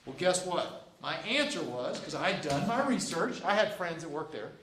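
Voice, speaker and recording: A man's voice: fairly high pitch, expressive, moderate pace, a bit bright, reverberant, slight background noise. A man in his fifties teaching a class of cadets, folksy and repetitive, acting out bits of dialogue in his stories. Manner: folksy, repeats himself, acts out dialogue. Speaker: JROTC instructor. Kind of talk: classroom lecture with anecdotes.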